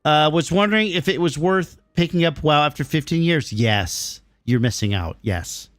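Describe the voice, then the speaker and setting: A man's voice: fairly high pitch, animated, normal speed, fairly bright tone, dry recording, studio quality. Riled-up, swearing middle-aged man streamer. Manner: blunt, profane, riled-up ranting. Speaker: game streamer. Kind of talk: live stream chat answering viewers.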